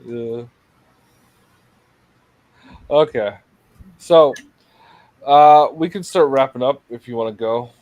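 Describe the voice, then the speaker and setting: A man of middle pitch hosts a casual livestream, talking on a computer mic over a video call. He rambles through his stories, stumbling on restarts and tossing in dry jokes. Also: slow, long pauses, a little mellow, no echo, low-quality recording. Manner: rambling, restarts and jokey asides. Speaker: show host.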